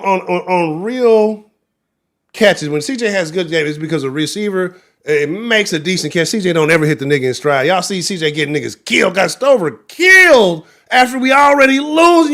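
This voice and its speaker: Brief: Houston-accented male sports show host, higher voice, angry profane livestream rant. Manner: angry, profane, animated ranting.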